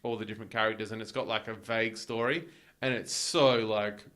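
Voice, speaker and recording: A man's voice: fairly low pitch, fairly even intonation, brisk, a bit bright. An Australian man co-hosting a gaming podcast, chatting casually with friends, rambling with lots of fillers. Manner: rambling, hesitant, with many fillers. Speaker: podcast co-host. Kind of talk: casual chat among friends.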